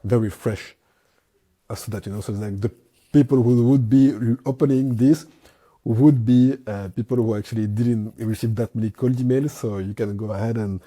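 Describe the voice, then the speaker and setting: A man's voice: medium pitch, fairly even intonation, moderate pace, dark tone, dry recording. A man hosting a casual chat, talking loosely with many fillers and asides. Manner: chatty, many fillers and hedges. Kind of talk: casual conversation.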